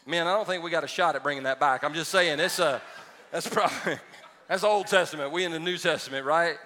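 High, bright-voiced male pastor preaching. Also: a little fast, big-room sound. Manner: humorous storytelling, rising to emphatic exhortation. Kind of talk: sermon. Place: church auditorium before a congregation.

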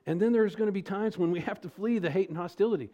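A man preaching an expository sermon as pastor, asking rhetorical questions, his pitch and loudness rising and falling. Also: fast, lo-fi sound.

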